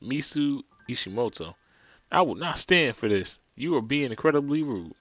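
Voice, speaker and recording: A man's voice: mid-range voice, very animated, normal speed, fairly bright tone, dry recording, lo-fi sound. A man with a New Jersey accent voicing a stern, stuffy male schoolteacher in a pompous, scolding tone. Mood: indignant.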